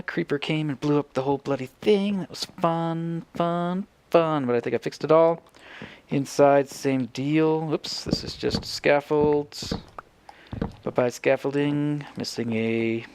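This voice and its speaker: A man's voice: medium pitch, creaky, a little mellow, no room sound. A man giving casual, rambling commentary on his building game, thinking aloud and correcting himself as he goes. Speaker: Minecraft let's player.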